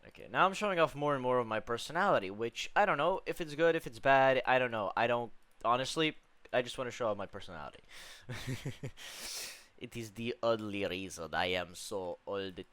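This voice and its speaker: A man's voice: medium pitch, lively intonation, fairly quick, a bit bright, smooth. A man giving casual, crude, rambling gameplay commentary with self-mocking jokes. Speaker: gaming channel host.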